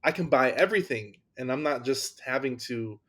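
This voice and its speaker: A man's voice: mid-range voice, expressive, normal speed, a bit bright, breathy edge. A man in a mid-range voice hosts a casual podcast chat. He sounds enthusiastic and keeps restarting his sentences as he talks. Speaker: podcast host.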